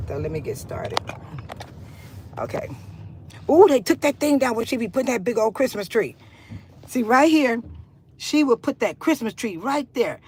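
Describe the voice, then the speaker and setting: A local vlogger with a mid-range, slightly rough voice gives a casual walking-tour vlog, chatty and repetitive with sudden loud exclamations. It's a low-quality recording from a handheld phone while she drives and walks outdoors.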